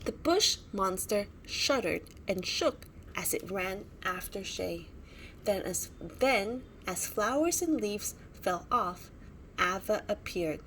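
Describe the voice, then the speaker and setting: A woman reads a bedtime storybook aloud, slowly and with plenty of expression. Her pitch rises and falls widely, and she stops to point out the pictures. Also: lively intonation, a bit bright, slight background noise.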